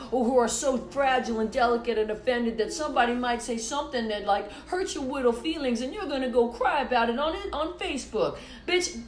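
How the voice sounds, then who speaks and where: A woman musician delivering an angry, profane, cutting rant straight to her audience. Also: a little high. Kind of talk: angry direct-to-camera rant. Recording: roomy echo with faint music.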